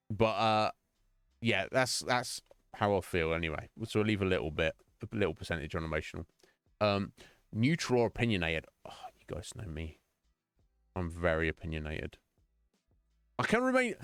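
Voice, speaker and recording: A man's voice: on the low side, clean tone, no echo, studio quality. A man streaming and chatting casually with his viewers, musing aloud as he answers their questions. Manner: reflective, rambling, answers chat questions.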